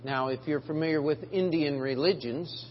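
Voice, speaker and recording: A man's voice: on the high side, moderate pace, a little hiss or hum. A middle-aged man preaching a sermon as pastor, in a folksy, emphatic way with frequent restarts, recorded in a church sanctuary. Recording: dull, lo-fi church recording with long reverb.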